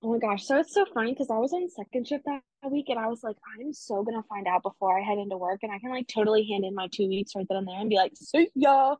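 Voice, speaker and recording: A woman's voice: medium pitch, quick pace, few pauses, darkish tone, no echo. A young woman from Pennsylvania, chatting as an interview guest, gushing and emotional, with lots of "like" fillers. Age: young adult. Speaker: guest, newly licensed physical therapist assistant. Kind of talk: casual interview chat. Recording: dull lo-fi, dry.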